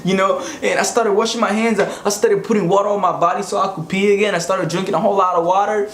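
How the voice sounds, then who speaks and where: Man from Africa, slightly high voice, animated comic storyteller; echoey room, faint hiss. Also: quick pace. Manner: animated, slangy, profane. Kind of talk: casual comedic storytelling.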